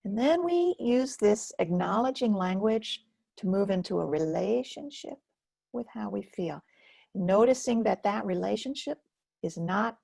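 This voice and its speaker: A woman teaches a live self-care webinar, reading out the chat as she goes. She speaks slowly and gently, often sinking into a soft near-whisper. Her voice has a husky, gravelly texture, picked up dry and close on a computer mic. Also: fairly high pitch, no echo.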